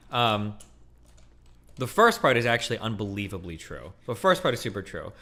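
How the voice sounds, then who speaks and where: Brief: male streamer, low pitch, bright tone, rambling profane reaction commentary. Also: big pitch swings, normal speed. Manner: rambling, profane, many fillers and restarts.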